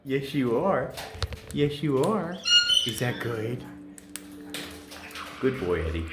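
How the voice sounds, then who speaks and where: Very animated yet slow-paced, a bird sanctuary keeper vlogs casually from an indoor bird room lined with cages. Baby-talking and cooing to her pet birds, she jumps to a high pitch, and the recording is very noisy with loud squawking behind.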